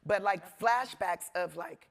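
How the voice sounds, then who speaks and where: A woman comedian speaking as a guest in an onstage conversation, animated and earnest, at times emotional. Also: mid-range voice, unhurried. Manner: animated, acts out voices in quotes. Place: conference stage.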